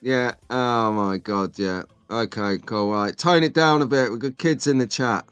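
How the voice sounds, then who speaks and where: A man's voice: medium pitch, a little slow, a bit bright, clean tone, dry recording, lo-fi sound. A man hosts a casual live stream, bantering with the chat in a jokey, rambling way. He has only just woken up. His voice sits mid-range and sounds dry and close to the mic, with faint music under it. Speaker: host.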